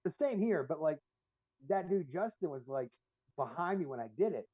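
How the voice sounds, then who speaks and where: Profane, rambling podcast co-host. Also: male voice, on the high side, expressive, moderate pace, dry recording. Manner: profane, rambling storytelling with many fillers. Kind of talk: casual chat. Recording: dull lo-fi stream audio.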